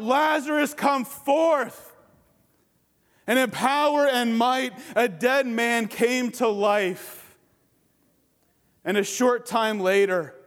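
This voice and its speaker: A man preaching from the pulpit, his voice sitting high and unhurried. His lines build to emphatic peaks, then sink to soft, hushed endings. The sound rings with the long echo of a church sanctuary. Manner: closing in slow, quiet prayer. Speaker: pastor. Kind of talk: sermon.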